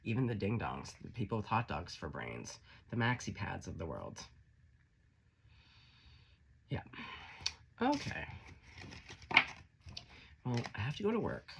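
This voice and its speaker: A man's voice: fairly low pitch, huge pitch swings, measured pace, creaky, long pauses, a little hiss or hum. A man giving a casual tarot reading, blunt and profane, playful and encouraging as he talks the listener through the cards. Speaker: tarot reader.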